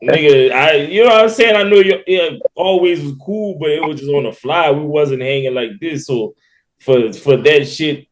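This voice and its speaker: Laid-back reflective man, fairly high voice. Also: normal speed, noisy background. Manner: reflective, laid-back, laughs between words. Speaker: podcast co-host. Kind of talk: casual podcast chat.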